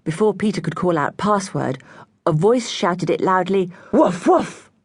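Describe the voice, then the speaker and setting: A woman narrating a children's story, voicing each child with a higher, brighter pitch. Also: normal speed, husky, no echo, studio quality. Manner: lively, voices each child with raised pitch. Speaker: audiobook narrator.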